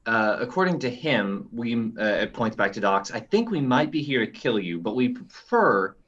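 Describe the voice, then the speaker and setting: A man's voice: mid-range voice, sing-song, moderate pace, a bit bright, highs cut off. A man playing a tabletop game, speaking in an earnest, hesitant way. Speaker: player.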